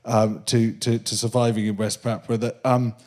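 A man, a guest on a live interview show on a theatre stage, telling an animated anecdote with many restarts and laughs. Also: lowish voice, normal speed. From Britain. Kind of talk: live comedy-podcast interview, storytelling.

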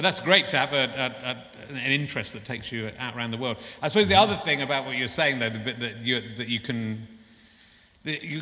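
A man's voice: medium pitch, pushed and bright. A male podcast host interviewing a guest on a festival stage, rambling with many restarts. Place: festival stage before an audience. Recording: live hall reverb.

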